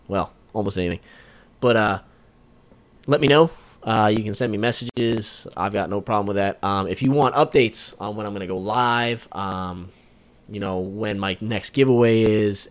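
A young man streaming a video game, chatting casually and rambling, breaking into sudden excited shouts and swearing. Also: on the low side. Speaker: gaming streamer. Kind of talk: casual live-stream chat.

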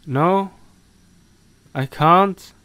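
A man doing let's-play commentary on a horror game, talking to himself and the characters. He is jumpy and mock-scolding, swinging from low mutters to sudden yelps. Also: very slow, bright, forceful tone, clear, resonant tone, no echo. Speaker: gaming commentator.

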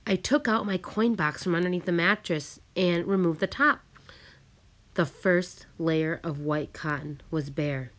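Woman reading a chapter book aloud, low-ish voice, slow and careful. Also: a bit bright. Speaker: audiobook narrator. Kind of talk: storybook reading.

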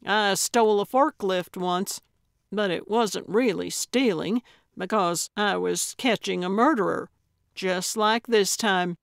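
A woman's voice: mid-range voice, slow pace, vocal fry, dry recording, clean studio sound. A woman narrator voicing a stubborn, eccentric elderly woman sleuth who talks in an indignant, childish, proud way.

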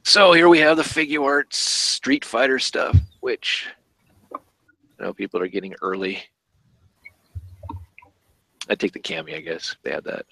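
A man's voice: medium pitch, fairly even intonation, unhurried, creaky, pauses often, bright, forceful tone, no echo, poor audio. A man hosting a podcast, chatting casually and thinking aloud with fillers about collectible toys. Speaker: podcast host.

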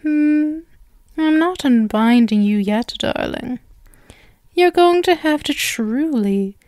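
A woman voicing a possessive female arachne spider-woman in a whispered role-play, talking softly and slowly with sweet menace. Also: a little high, no room sound, clean studio sound, natural voice. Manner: soft, slow, sweetly menacing cooing.

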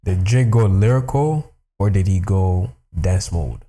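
Deep-voiced man hosting a reaction video. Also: lively intonation, a little slow, dark tone. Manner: loose slangy talk, constant "you know what I'm saying" fillers. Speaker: music reaction host. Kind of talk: casual reaction commentary. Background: hip hop music.

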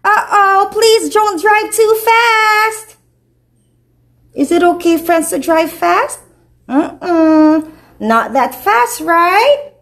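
A woman preschool teacher reading a picture book aloud to young children, animated and encouraging, often asking them questions. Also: very high-pitched, extremely slow.

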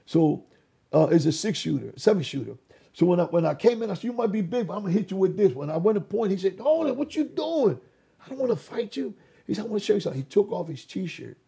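Older man, high raspy voice, dark tone, animated testimony, acts out dialogue. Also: fast. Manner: re-enacts dialogue, repeats words and restarts often. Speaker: interview guest, former gang leader.

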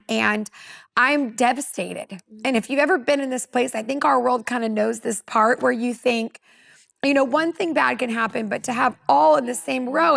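A woman in her forties from California, a women's pastor, telling a personal testimony on a talk panel as a lively storyteller who acts out dialogue. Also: fairly high pitch, gravelly, dry recording, studio quality.

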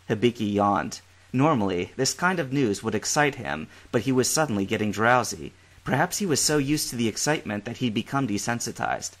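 A man reads a fan-fiction novel aloud with an animated, shifting melody. His voice sits at an ordinary pitch and carries the story along expressively. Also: fairly quick. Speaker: audiobook reader. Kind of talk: fan-fiction audiobook narration.

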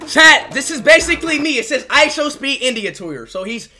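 A young man streaming live, reacting loudly, swearing and breaking into sudden shouts. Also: very high voice, very animated, moderate pace, faint music behind. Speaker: livestreamer.

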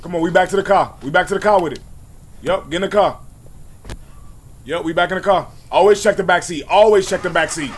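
Hoarse high-voiced man yelling at scares. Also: a little fast. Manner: jumpy, loud, yelling and swearing at scares. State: hoarse from screaming. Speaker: gaming channel host. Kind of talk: horror game commentary.

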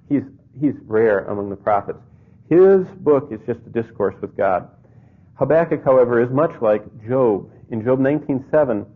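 A man preaching a sermon in an earnest way, his voice rising into pleading questions. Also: mid-range voice. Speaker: pastor. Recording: phone-like narrow sound.

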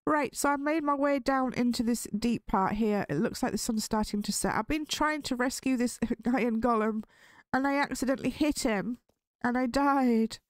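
A woman hosting a relaxed game let's play, chatting through her build and getting nervous and giggly in dark caves. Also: a little high, normal speed, no room sound, clean studio sound. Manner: chatty, easily spooked, nervous laughs. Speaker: gaming channel host.

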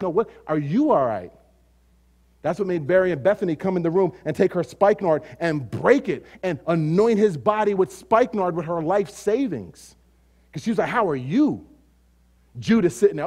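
A man preaching from the pulpit in a high-pitched voice. He builds rhythmic runs of repeated phrases, then falls back to hushed, low-pitched asides. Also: animated, a little fast. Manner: emphatic preaching that swings between loud declarations and quiet, low asides. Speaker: pastor. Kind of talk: sermon.

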